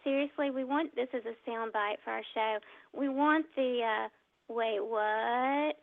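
A woman's voice: high-pitched, moderate pace, creaky, dry recording. A woman co-hosting a casual chat, affirming and laughing easily. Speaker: co-host. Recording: phone-like audio.

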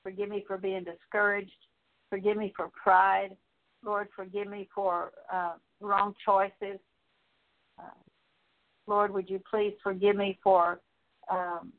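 A woman Bible teacher leading a prayer of confession in earnest, repetitive petitions with halting pauses. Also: mid-range voice. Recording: tinny phone-like recording.

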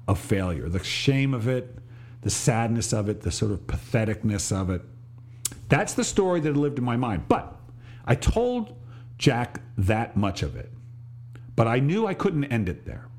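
A middle-aged man and podcast host telling a reflective personal story, slowing on details and restarting phrases. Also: mid-range voice, very animated, darkish tone. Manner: reflective, pauses and restarts, slows on vivid details.

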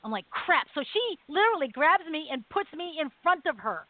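A woman co-hosting a talk radio show, telling a story in a casual, animated way and acting out the people in it. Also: sits high, a little fast, no room sound. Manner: animated storytelling, acts out quoted voices. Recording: dry phone-line audio.

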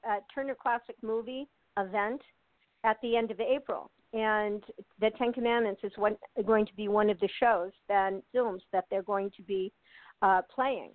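Over a tinny phone connection with a dry sound, an older actress from the U.S. chats as an interview guest. Her mid-range voice holds a steady tone at normal speed, broken up by frequent laughter, fillers, and restarts.

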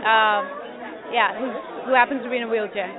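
A woman's voice: fairly high pitch, fairly even intonation, brisk. A woman actress answering questions on an outdoor festival red carpet, hesitant, with many restarts. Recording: tinny phone-like audio with loud crowd.

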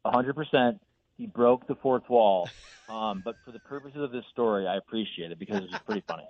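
A man's voice: fairly low pitch, brisk. A man calling in as a guest, telling stories in casual sports talk, laughing easily. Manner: chatty storyteller, laughs easily. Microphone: phone. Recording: tinny dry phone line.

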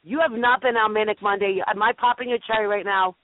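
A woman's voice: mid-range voice, steady tone, quick pace, no room sound. A woman hosting a live call-in show, chatting in a gushing, casual way with stumbling restarts. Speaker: show host. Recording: tinny phone-line sound.

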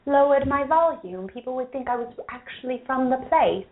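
A woman co-hosting a casual talk show and giving parenting tips, playful and quick-witted. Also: sits high, animated, a crowd in the background. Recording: tinny phone-like sound.

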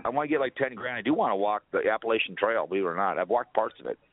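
A man's voice: lowish voice, animated, rapid-fire, dry recording. A man calling in to a radio talk show, joking and rambling. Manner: rambling, jokey, puts on a Southern drawl. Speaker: caller. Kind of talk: casual call-in chat, joking. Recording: tinny phone line.

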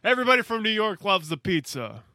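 Lively, bright-voiced joking man. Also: high-pitched, fast talker, no echo, clean studio sound. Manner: joking, laughs often, teasing. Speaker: podcast co-host. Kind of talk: casual sports podcast chat.

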